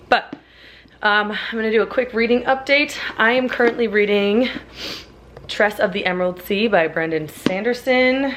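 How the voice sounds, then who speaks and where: A young woman vlogging about her reading, chatty and full of "like" fillers, her voice raspy from laryngitis and a sinus infection. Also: fairly low pitch, fairly bright tone, slight background noise. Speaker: book vlogger. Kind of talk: casual reading vlog chat.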